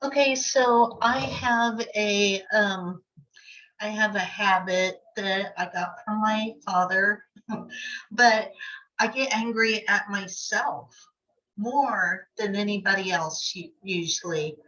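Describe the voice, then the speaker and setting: A woman's voice: medium pitch, slow, sharp tone. A woman in a class discussion, sharing hesitantly with many fillers and self-deprecating asides. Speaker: class participant. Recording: distant, muffled call-in audio.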